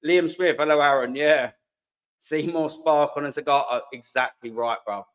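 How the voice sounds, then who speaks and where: A man's voice: fairly high pitch, normal speed, clean tone. A young British man hosting a fan live stream who rants heatedly and sarcastically at comments, swearing freely. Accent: British English. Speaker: fan channel host.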